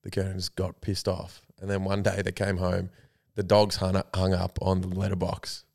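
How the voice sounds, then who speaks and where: A man's voice: sits low, completely flat delivery, moderate pace, gravelly, a little mellow. A young Australian man co-hosting a podcast, rambling through stories with lots of swearing and laughter. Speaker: podcast co-host. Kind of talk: casual chat.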